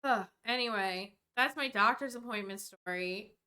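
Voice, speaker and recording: A woman's voice: medium pitch, normal speed, bright, forceful tone. A young woman vlogger telling a storytime rant, exasperated and rambling, swearing freely as she goes.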